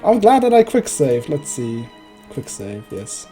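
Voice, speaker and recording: A man's voice: medium pitch, huge pitch swings, measured pace, dark tone, soft background music. A man streaming a video game, joking and thinking aloud as he plays. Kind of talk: casual let's play commentary.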